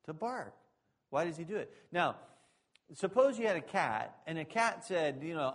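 A male pastor preaching a sermon, moving between loud emphatic preaching and quiet, joking asides to the congregation. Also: on the high side, animated, normal speed.

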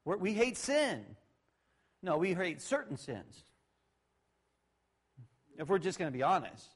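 A middle-aged male pastor giving a conversational sermon, shifting between loud sarcastic mock voices and low asides. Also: big pitch swings, a little slow, slightly rough.

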